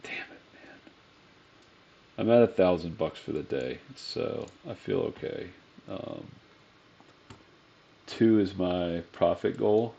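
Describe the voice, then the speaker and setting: A low-voiced, gravelly man talks his viewers through his live trades, cursing often and muttering to calm himself down between moves. The stream audio is dull and lo-fi. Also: slow pace, pauses often. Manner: swears often, groans and mutters at the market; calms himself down out loud. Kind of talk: live trading commentary.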